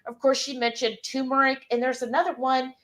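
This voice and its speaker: A woman hosting a live cooking stream, chatting casually in an excited, rambling way. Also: high voice, a little fast.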